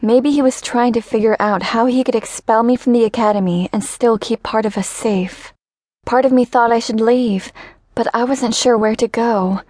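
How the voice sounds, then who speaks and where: A woman's voice: fairly high pitch, darkish tone, dry recording. Woman narrating a romance audiobook, dry and close. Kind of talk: first-person scripted audiobook narration.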